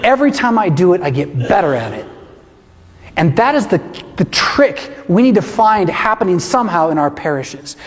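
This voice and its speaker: A man's voice: high-pitched, sing-song, moderate pace. A man who is a pastor, giving an emphatic teaching presentation to a congregation and asking many rhetorical questions. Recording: echoey hall reverb.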